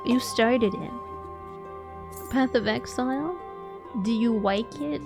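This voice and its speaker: Giggly, slow-talking woman streamer. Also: fairly high pitch, music in the background. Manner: chatty, giggly, reads and answers chat. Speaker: game streamer. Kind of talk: casual live-stream chat while gaming.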